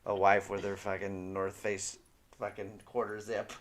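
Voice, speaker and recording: A man's voice: fairly low pitch, little pitch movement, measured pace. A man co-hosting a podcast, telling self-mocking stories in casual, profane chat. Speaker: podcast co-host.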